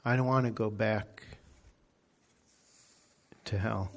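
Preacher putting on a sorrowful fallen demon; slow, low and pained, never theatrical. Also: male voice, fairly even intonation. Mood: regretful, pained. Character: regretful fallen male demon, bitter and anguished.

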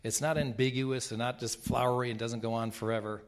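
A Catholic bishop tells rambling travel stories in a casual talk, laughing and restarting often. His voice is medium-pitched with little movement, and he speaks a little fast.

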